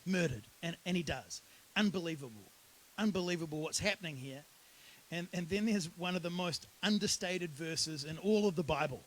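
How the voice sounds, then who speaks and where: A man's voice: sits high, a bit bright, rough recording. A man preaching a sermon as pastor, in a casual, conversational storytelling manner.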